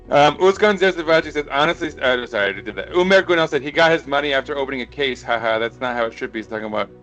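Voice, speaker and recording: A man's voice: mid-range voice, fast, soft background music. American man reading listener comments. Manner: relaxed, laughs often, reads comments aloud. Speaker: podcast host. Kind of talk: casual football chat, reading listener comments.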